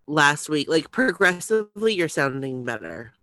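A woman's voice: low-pitched, big pitch swings, moderate pace, fairly bright tone, dry recording, clean studio sound. A woman co-hosting a podcast, chatting casually with many restarts over a glitchy internet call. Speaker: podcast co-host. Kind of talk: casual chat. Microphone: remote call over glitchy internet.

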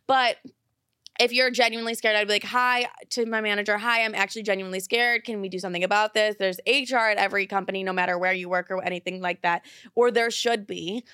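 A woman's voice: medium pitch, quick pace, a bit bright, no echo, clean studio sound. A young woman hosting an advice podcast, blunt and profane, rambling with lots of fillers. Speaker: podcast host.

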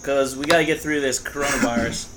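A man's voice: mid-range voice, fairly even intonation, fast talker, noisy background. A man co-hosting a podcast in casual chat, blunt, sardonic and heavy on swearing. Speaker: podcast co-host.

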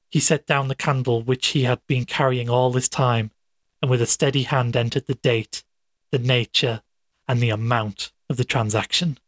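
A man reads a classic tale aloud at a measured, dramatic pace. His voice sits in the middle range with a husky edge, and the recording is close and dry. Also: mid-range voice, no echo. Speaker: narrator. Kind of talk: audiobook narration of a classic tale.

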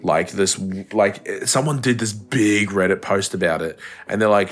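A man's voice: fairly low pitch, unhurried, few pauses, fairly bright tone, faint music behind. A young Australian man co-hosting a podcast in casual chat, joking around and swearing freely into a home mic. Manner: playful, jokey, swearing freely. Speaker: podcast co-host. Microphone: home podcast mic over a call.

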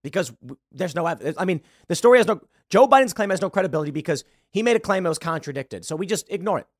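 A man in his thirties delivers political commentary as a podcast host, heated and emphatic. His pitch swings widely and sits fairly high for a man. The sound is close and dry. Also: animated, very fast, no echo. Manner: heated, emphatic, repeats words when worked up.

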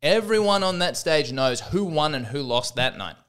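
A man's voice: a little high, lively intonation, normal speed, a bit bright. A man hosting a podcast, delivering a rambling, self-deprecating comedic monologue with frequent restarts. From Australia. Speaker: podcast host.

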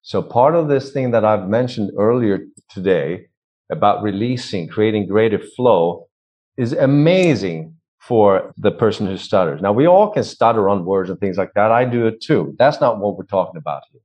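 A man's voice: lowish voice, animated, normal speed, darkish tone. A man from Sweden with a Swedish accent, a vocal coach explaining voice technique in an interview and demonstrating sounds aloud.

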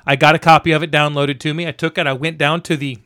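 A man telling a story in casual chat, animated and cursing, acting out both sides of a conversation. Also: a little high, fast talker, smooth, dry recording, studio quality. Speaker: veteran guest telling a story.

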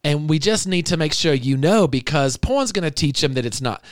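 A woman's voice: sits high, very fast, no echo, clean studio sound, voice pushed up, natural voice. A man voicing a blunt adult woman in a clumsy put-on accent, earnest and raised.

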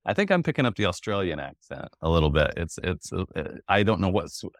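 Podcast host, fifties, very low voice, jovial and rambling, dry close sound. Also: male voice, big pitch swings, a little fast, no echo. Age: 50s. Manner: jovial, laughs often, rambling restarts. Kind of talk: conversational interview.

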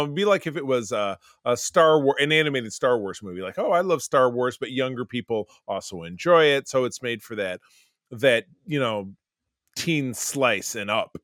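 Rambling podcast co-host, dry sound. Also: male voice, medium pitch, fairly bright tone, no echo. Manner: rambling, many fillers and restarts. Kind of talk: casual chat.

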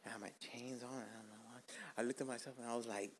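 On his own podcast, a young host tells a long story in a casual, fast, steady-toned way, swearing a lot. Acting out his own lines, he drops to a whisper or jumps up in pitch.

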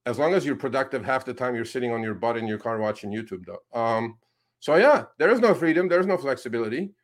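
A man's voice: medium pitch, animated, fast talker. A man who drives rideshare, co-hosting a casual talk show and ranting sarcastically about his work, with frequent fillers and restarts. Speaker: rideshare driver and podcast co-host. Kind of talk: animated casual chat.

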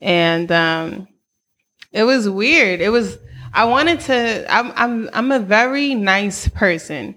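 A woman in her thirties with a New York accent, speaking at a middling pitch as an interview guest. She talks candidly and casually, with plenty of slang. She breaks into laughter often. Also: expressive, slow, sharp tone.

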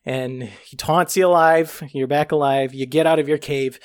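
A man reviewing a video game in a casual podcast chat, animated and emphatic, with a joking tone. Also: a little high, normal speed.

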